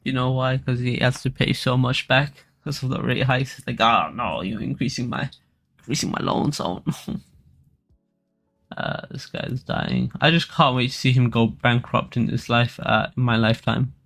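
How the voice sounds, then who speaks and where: A man talks through crypto charts on a live stream in a loose, rambling way, full of fillers and restarts. His voice has a gravelly, creaky edge and sits at an ordinary pitch. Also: level tone, moderate pace, fairly bright tone. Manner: casual, rambling, filler-heavy. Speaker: crypto market analyst. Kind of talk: live stream market commentary.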